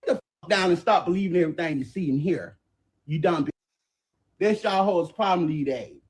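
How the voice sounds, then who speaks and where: A man's voice: on the high side, a little fast. A man ranting angrily and profanely to viewers on a livestream, cursing at commenters and then apologizing, speaking. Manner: profane, confrontational, repeatedly apologizing. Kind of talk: heated livestream rant.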